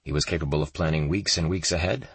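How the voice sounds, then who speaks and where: A man narrating a thriller audiobook in a measured, grave manner, with a gravelly, husky voice. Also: extremely low pitch, fairly bright tone, no echo.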